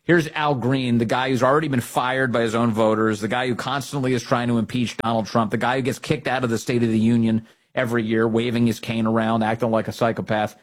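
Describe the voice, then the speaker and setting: A man's voice: medium pitch, fairly even intonation, brisk. A man hosting a political commentary show, talking in a sarcastic, mocking way and laughing at the people he discusses. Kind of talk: opinion commentary.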